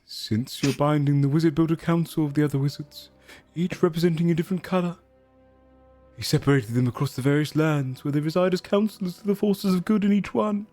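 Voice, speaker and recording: Guy dm reading out fantasy lore, kinda high voice, faint music behind. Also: brisk, darkish tone. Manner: theatrical lore narration with chuckles. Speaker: game master. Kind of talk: narrating a tabletop game stream.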